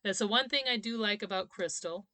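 A woman's voice: medium pitch, a little fast, pushed and bright, no echo. A woman in her thirties co-hosting a casual podcast chat, chatty and opinionated, laughing often. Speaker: podcast co-host.

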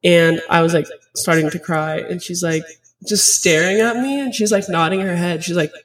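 A woman's voice: on the low side, normal speed, recorded from a distance, poor audio. A young woman in her twenties talks through her own podcast, tearful and choked up. Her speech is loose and confessional, with "like" in nearly every phrase. The mic sits a little way off from her. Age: 20s. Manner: rambling, heavy on "like" fillers, open and confessional. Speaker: podcast host. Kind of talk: casual solo podcast talk.

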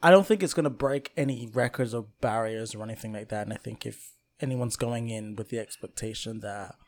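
A young man co-hosting a casual chat, sharing his views on films in a measured way with many ums and uhs. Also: lowish voice. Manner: measured, hesitant, lots of fillers. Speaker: podcast co-host.

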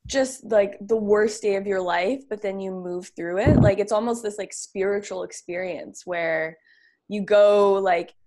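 A woman's voice: medium pitch, a little slow, a little mellow. A woman hosting a podcast interview, easygoing and conversational with plenty of filler words. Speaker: podcast host. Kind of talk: casual interview.

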